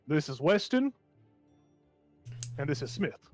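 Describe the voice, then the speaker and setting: A man's voice: a little high, big pitch swings, slow, loud music behind the voice. Man doing a jovial country dwarf gunslinger. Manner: folksy, friendly drawl, stereotypical country talk.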